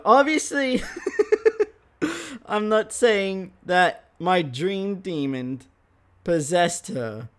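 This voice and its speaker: A young man with a fairly high voice tells a rambling story in a podcast monologue. He is animated and loose, swearing freely and breaking into laughter often. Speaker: podcast host.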